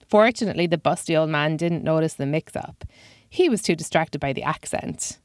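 A woman's voice: low voice, expressive, normal speed, no echo. A woman comedian telling a first-person comic story in a dry, self-deprecating way.

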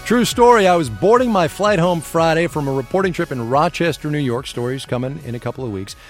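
A man's voice: a little high, expressive, faint music behind. A man hosting a business news program, reading scripted lines with wry humor and bantering with a correspondent. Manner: wry, quick-witted banter. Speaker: radio business news host.

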